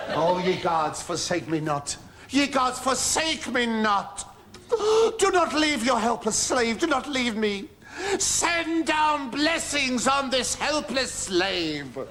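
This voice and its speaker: Lurkio, camp grumbling slave. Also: male voice, extremely high pitch, full character voice. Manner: camp, self-pitying asides and mock outrage. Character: put-upon male household slave, camp and grumbling. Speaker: lead comic actor in a sitcom. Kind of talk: 1970s studio sitcom acting with audience asides. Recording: noisy old TV studio tape with audience laughter.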